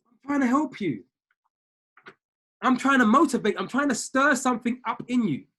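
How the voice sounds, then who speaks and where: A man's voice: extremely high pitch, expressive, normal speed, pushed and bright, breathy edge. A man who coaches traders, giving a motivational talk to a group in a preacher-like way, repeating lines for emphasis and speaking straight to his listeners. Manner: exhorting, talks straight to listeners. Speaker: trading coach.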